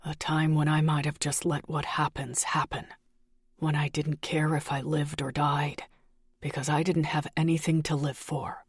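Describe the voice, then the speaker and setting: A woman voicing a guarded, blunt young man with a low, gruff delivery. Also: flat delivery, moderate pace, no echo, studio quality.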